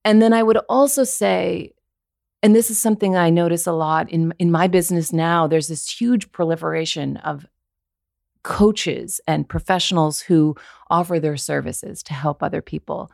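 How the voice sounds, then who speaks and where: A woman's voice: fairly low pitch, normal speed, creaky, darkish tone, no echo, clean studio sound. A woman voiceover actor, a guest on a podcast, talking in a candid, earnest way as she thinks aloud. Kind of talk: casual interview chat.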